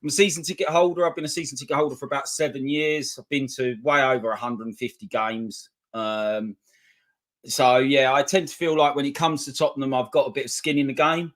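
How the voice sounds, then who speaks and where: A man co-hosts a football livestream and tells his story in an easygoing, teasing way. His voice has an ordinary middle pitch for a man. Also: fairly even intonation, fairly quick, fairly bright tone. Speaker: livestream co-host. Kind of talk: casual football chat.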